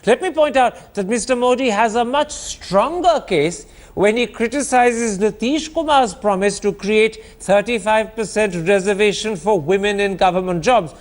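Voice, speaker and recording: A man's voice: high-pitched, moderate pace, few pauses. A man moderates a televised political debate. He presses his guests with pointed, emphatic questions and cuts in to keep them on track. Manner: probing and emphatic, cuts in to steer the discussion.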